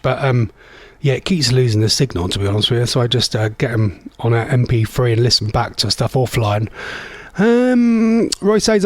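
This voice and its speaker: Chatty, tired radio host. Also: male voice, medium pitch, dry recording. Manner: chatty, rambling, reads out listener messages. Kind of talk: casual chat between songs.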